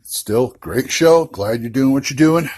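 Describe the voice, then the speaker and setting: A man's voice: medium pitch, animated, measured pace, darkish tone. A man, a fellow podcaster, leaving a playful, jokey voicemail call-in. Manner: jokey, playful, drops into whispers.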